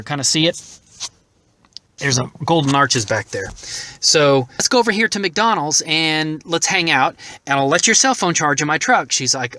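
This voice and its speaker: A man's voice: on the high side, lively intonation, moderate pace, bright, forceful tone, no echo. Profane Southern man vlogging from his truck. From Tennessee, US. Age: middle-aged. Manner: loose and profane, laughs at his own jokes. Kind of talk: casual vlog storytelling. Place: in and around his truck at night, on the road.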